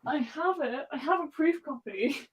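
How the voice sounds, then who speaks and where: A woman hosting a casual reading stream, talking in a chatty, excitable way with frequent giggles. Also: high-pitched, normal speed, highs cut off. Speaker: host of a reading sprint stream. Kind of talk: casual livestream chat.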